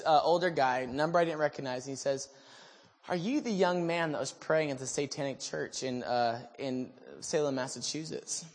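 A man preaching, telling a testimony story in an animated way that swings from hushed asides to shouted lines. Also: high-pitched. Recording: long hall reverb.

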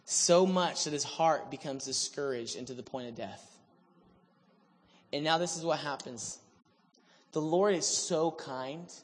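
Animated man preaching in an echoing hall. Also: on the high side, a little slow, pauses often. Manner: animated, humorous storytelling. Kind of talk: sermon.

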